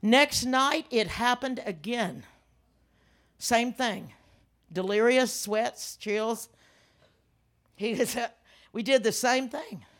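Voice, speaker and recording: Older woman preacher, animated and emphatic. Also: fairly high pitch, slow pace, long pauses. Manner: animated, emphatic, laughs through stories. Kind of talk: sermon with storytelling.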